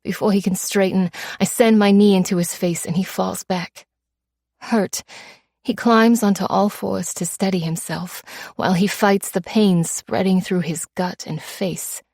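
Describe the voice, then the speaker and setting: Woman reading an audiobook in first person, slow steady delivery, dry close mic, tough and threatening in the lines. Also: medium pitch, no room sound. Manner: steady, measured, tough and menacing in dialogue. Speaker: audiobook narrator.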